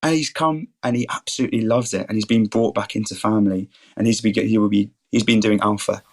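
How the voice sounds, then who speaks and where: A man's voice: on the low side, flat delivery, fast talker, darkish tone. Eager young man telling faith stories. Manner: enthusiastic, keeps saying things are awesome. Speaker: podcast guest, student and rugby player.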